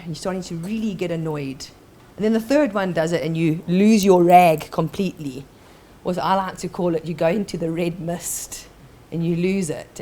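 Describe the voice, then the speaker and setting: Woman presenter, lively storyteller, lecture hall. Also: on the low side. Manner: storytelling, lively, acting out anecdotes. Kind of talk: presentation to an audience.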